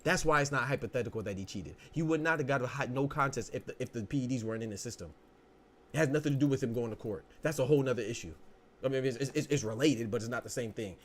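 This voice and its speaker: A man's voice: mid-range voice, fast talker. A man hosting a podcast, ranting in a heated, profane way and saying "bro" again and again. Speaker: podcast host. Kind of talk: casual ranting podcast talk.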